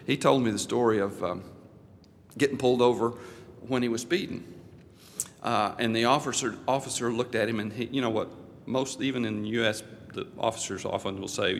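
A man's voice: medium pitch, gravelly, big-room sound, a little hiss or hum. A male pastor and missionary telling a folksy, anecdotal story in a sermon, with frequent restarts.

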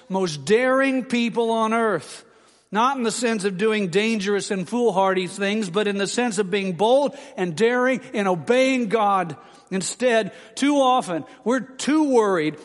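High-voiced pastor preaching in echoing church. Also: male voice. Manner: emphatic, building to rousing questions. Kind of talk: sermon. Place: church sanctuary. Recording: long church reverb.

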